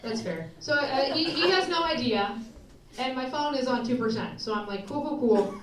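An American woman telling a story on stage as stand-up, animated and laughing through her lines. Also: high voice, normal speed, slight background noise. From United States. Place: live show before an audience. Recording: live venue, roomy, distant mic, loud crowd.

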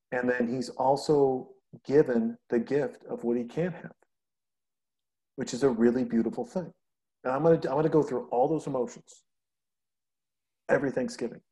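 A man talking casually on a podcast, rambling and animated as he tells stories and swears freely. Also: mid-range voice. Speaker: podcast host. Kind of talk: casual conversation.

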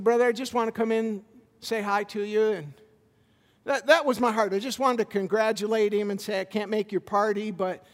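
A man preaching a sermon as a visiting pastor, animated, with stammered restarts as he tells a story. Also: sits high, big-room sound.

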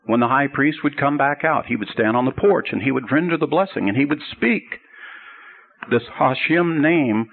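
A gravelly-voiced man teaches a sermon in an earnest, explaining way. His voice comes through a tinny, phone-like radio broadcast. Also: medium pitch. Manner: earnest, explanatory, builds up to a told joke. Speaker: Bible teacher.

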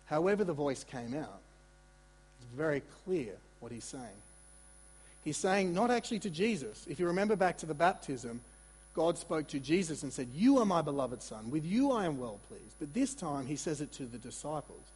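A man with a slightly higher, husky voice preaches a sermon, talking casually and with energy, as if chatting through the passage. His voice rings in a hall with a long reverb and a low mains hum underneath. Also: normal speed. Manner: conversational, animated preaching with asides and repetitions. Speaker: pastor.

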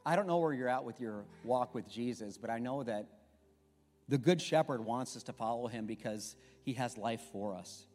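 A middle-aged pastor preaching in an emphatic, conversational, storytelling way, recorded in an echoey church with faint music. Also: male voice, mid-range voice, normal speed, a little mellow. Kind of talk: sermon. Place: church sanctuary.

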